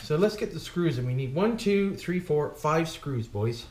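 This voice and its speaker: A Canadian man with a somewhat high, expressive, slightly mellow voice speaks at a moderate pace. He talks to himself while rebuilding an engine, offering casual, jokey commentary and addressing his viewers as "boys." The room is echoey, with background noise.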